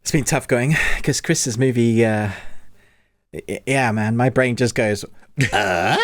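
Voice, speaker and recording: A man's voice: mid-range voice, a little slow, no room sound, studio quality. A man hosting a casual podcast in a chatty, friendly way, moving the show from one segment to the next. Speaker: podcast host.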